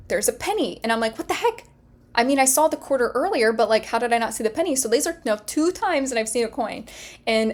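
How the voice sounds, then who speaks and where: Earnest woman coach telling a story. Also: mid-range voice. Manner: earnest, heartfelt, many "like" fillers. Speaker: podcast host and health coach. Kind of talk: personal storytelling monologue.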